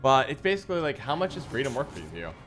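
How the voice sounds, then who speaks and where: A man's voice: mid-range voice, sing-song, quick pace. Guy streaming a card game, chatting with chat, kinda rambly, faint music in the back. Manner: chatty, musing, self-deprecating. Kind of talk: casual livestream chat while gaming.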